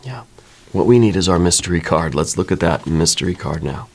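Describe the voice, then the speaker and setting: A man giving a soft-spoken ASMR tarot reading, reassuring and unhurried, often checking in with "right?". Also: low voice, expressive. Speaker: tarot reader.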